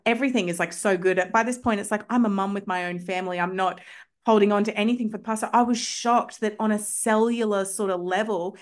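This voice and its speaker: A woman's voice: medium pitch, steady tone, fast. Chatty, enthusiastic woman guest. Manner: enthusiastic, chatty, frequent "like" fillers. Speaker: homeopath guest. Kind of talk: casual storytelling in a podcast interview.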